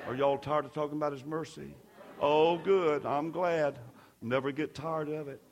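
A man's voice: a little high, steady tone, normal speed. A male pastor, preaching a sermon with emphasis and leading his congregation in call-and-response.

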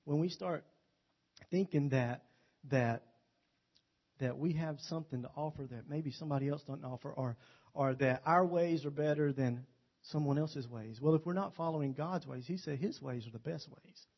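Man, sermon, folksy joking storyteller, slightly high voice, muffled lo-fi sound. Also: normal speed. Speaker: preacher. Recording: dull lo-fi recording.

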